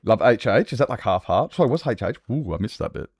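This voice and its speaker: Animated Australian man, casual streamer chat. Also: medium pitch, fast talker, no echo. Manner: animated, rambling, swears freely. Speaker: Minecraft streamer.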